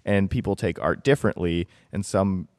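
Male podcast host, low voice, playful and curious, dry close sound. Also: normal speed, darkish tone, no echo. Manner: joking, self-deprecating, curious questions. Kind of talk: podcast conversation.

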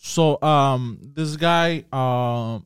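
A man of middling pitch speaks in halting podcast chat, stopping and restarting his sentences as he explains. His voice is recorded close and dry, with no echo. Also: clean tone. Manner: hesitant, many ums and restarts. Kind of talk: casual podcast banter.

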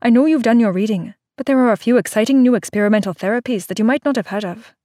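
A woman voicing a calm, firm female doctor in an audiobook, speaking in measured, even tones. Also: fairly high pitch, no echo, studio quality, voice pushed up, natural voice. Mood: insistent. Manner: measured, even, growing sharp and insistent. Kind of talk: audiobook character voice.

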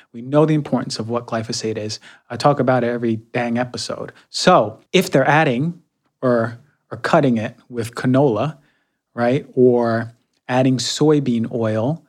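A young adult man talking casually while reviewing health products, energetic and conversational, often using fillers and repeating words. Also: medium pitch. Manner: frequent fillers like um and right. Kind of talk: casual monologue.

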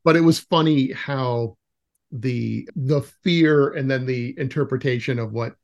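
A man's voice: mid-range voice, unhurried, muffled recording. A man hosting an interview podcast, chatting casually and telling stories with frequent laughs. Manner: laughs often, animated when retelling stories. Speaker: podcast host interviewing an educator. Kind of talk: casual conversational storytelling.

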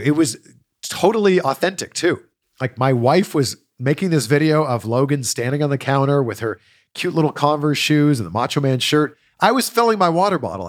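Lively chatty man answering fan questions. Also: mid-range voice. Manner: lively, laughs often, chatty storytelling. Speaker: host of a wrestling Q&A show.

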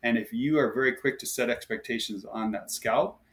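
A man from Hawaii who works on a ranch, chatting casually in an interview and telling stories with relaxed, frequent fillers. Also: medium pitch, moderate pace. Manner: storytelling, lively when amused. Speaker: ranch staff guest.

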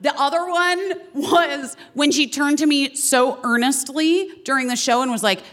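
A woman's voice: sits high, moderate pace, a bit bright. A woman in her forties hosting a podcast, telling a story in casual chat, laughing, swearing freely and acting out what people said. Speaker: podcast host.

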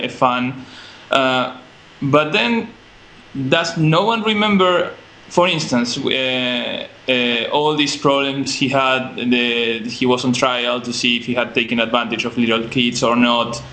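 Bright-voiced opinionated man. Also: medium pitch, slight background noise. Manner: opinionated, hesitant with fillers. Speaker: podcast co-host. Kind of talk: casual podcast discussion.

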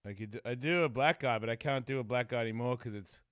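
A man's voice: mid-range voice, fast talker, smooth, no echo, studio quality. A man with an Australian accent hosting a casual show, laughing often and swearing freely. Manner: laughing, crude, swearing a lot. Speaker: host. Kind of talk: casual live show chat.

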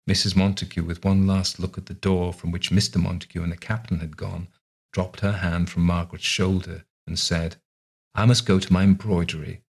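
Low husky guy narrating a story, calm and steady. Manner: calm, measured storybook reading. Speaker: reader. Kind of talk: scripted narration.

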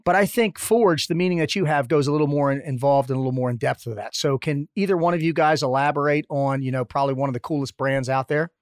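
A man co-hosting a casual interview podcast, with a slightly raised pitch. He jokes, swears now and then and talks with animation. The sound is dry and close. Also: fast, few pauses, dry recording. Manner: joking, profane, animated. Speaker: podcast co-host.

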